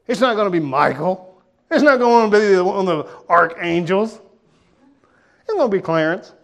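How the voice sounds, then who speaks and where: A male preacher giving a sermon in a conversational, folksy way, often dropping to a quiet, emphatic tone. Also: high-pitched, lively intonation, moderate pace, creaky.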